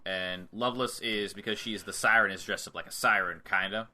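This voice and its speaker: A man's voice: fairly low pitch, a little fast. A young man co-hosting a podcast, casually recapping a wrestling match blow by blow and acting out what the wrestlers say. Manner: animated play-by-play with acted-out quotes and swearing. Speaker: podcast co-host.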